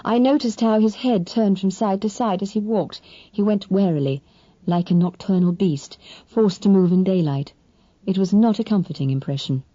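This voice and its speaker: A woman reading a novel aloud in measured, expressive first-person narration. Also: medium pitch, no echo, dull audio. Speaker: audiobook narrator.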